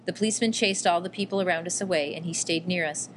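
Woman reading a memoir aloud, bit low, steady and quietly emotional. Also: fast talker, background noise. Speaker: audiobook reader. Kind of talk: first-person memoir narration.

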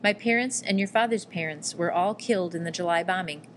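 A woman's voice: fairly low pitch, fairly quick, a little hiss or hum, lightly acted. A woman reading the lines of a frail, dying mother who speaks faintly and breathlessly. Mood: weary.

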